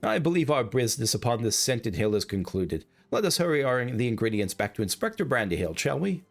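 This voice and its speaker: A man's voice: mid-range voice, very animated, fairly quick, gravelly, soft background music. Game figure: gallant male inspector, pompous and theatrical, voiced by a man.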